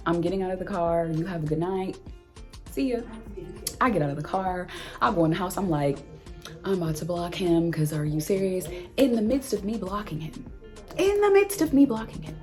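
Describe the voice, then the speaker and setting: A young woman recounts a bad date to her camera, voicing both sides of the conversation with growing exasperation. Her voice sits a little low for a woman. Faint music plays quietly underneath. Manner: animated, exasperated storytelling with quoted dialogue. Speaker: vlogger. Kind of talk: storytime vlog.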